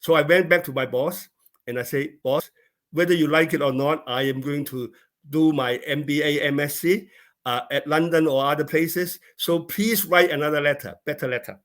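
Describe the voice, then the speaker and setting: A man's voice: a little high, fairly even intonation, normal speed. A middle-aged man, originally from China, telling a personal story as an interview guest, with many fillers and repeated words. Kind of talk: storytelling in conversation.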